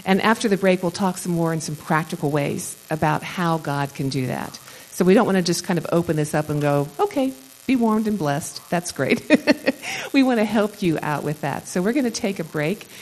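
A fairly low, darkish female voice comes through a rough recording with slight background noise. She leads a Christian conference session, talking to a live audience in a wandering, conversational teaching style and laughing frequently between thoughts.

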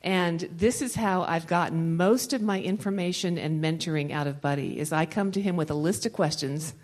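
Woman, lowish voice, Christian conference speaker, rambling conversational talk, frequent laughter. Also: moderate pace, darkish tone, poor audio. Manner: rambling, chatty, laughs often between thoughts. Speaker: Christian conference session leader. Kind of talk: conversational teaching talk to a live audience.

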